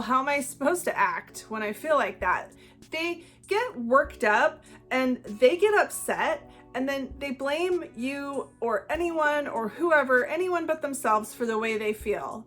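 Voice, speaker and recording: This woman's voice is a little high and a bit bright. Hosting her own channel, she explains things to camera in a solo video, speaking to viewers earnestly and conversationally.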